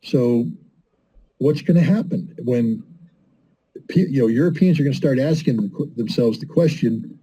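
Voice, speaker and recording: A man's voice: medium pitch, moderate pace, pauses often, mellow, slightly rough, low-quality recording. A middle-aged man giving blunt, impassioned political commentary, full of rhetorical questions and mocking quotes. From United States.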